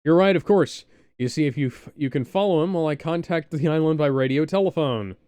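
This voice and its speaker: A jittery woman clerk from an old adventure game, fretting as her secret mission falls apart, as a male streamer puts her on. She talks a little higher and louder than everyday speech. The sound is dry and close, with no room echo. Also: brisk, clear, resonant tone, lightly acted. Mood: anxious. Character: nervous female music store clerk spy.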